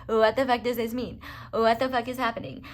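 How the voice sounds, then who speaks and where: A woman putting on a squeaky panicking inner mind, frightened, babbling, shrill. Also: little pitch movement, close to an everyday voice. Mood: panicked. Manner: high-pitched, rushed, frightened babbling. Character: a frantic, panicking anxious mind.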